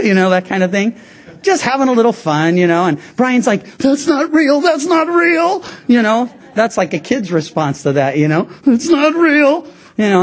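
A middle-aged male pastor giving a conversational sermon, acting out the quotes he tells. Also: high voice. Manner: conversational, animated, acts out quotes.

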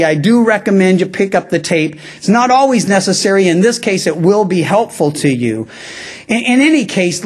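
A man preaching an expository Bible teaching sermon as pastor, in a conversational way with frequent asides, acting out quoted lines. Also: high voice.

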